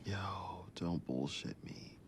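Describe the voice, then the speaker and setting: A withdrawn hurting survivor. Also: male voice, low-pitched, slow, heavy background noise. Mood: guarded.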